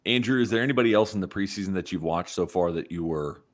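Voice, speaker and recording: A man's voice: sits low, quick pace. A man co-hosting a casual sports podcast, asking wry, teasing questions. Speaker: podcast co-host.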